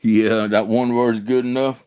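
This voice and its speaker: A man from Alabama with a Southern American accent, hosting a casual livestream, chatting with viewers in a halting, folksy way and often repeating his words. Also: medium pitch, a little mellow, dry recording. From Alabama, USA. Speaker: livestream host. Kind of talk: casual livestream chat answering comments.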